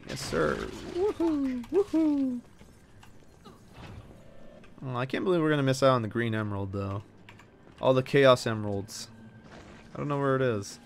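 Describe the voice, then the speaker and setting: A man's voice: medium pitch, a little fast, soft background music. A man giving casual let's-play commentary, cheering, yelping and scolding game characters as he plays. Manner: excitable, yelps and cheers at the game. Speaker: gaming streamer.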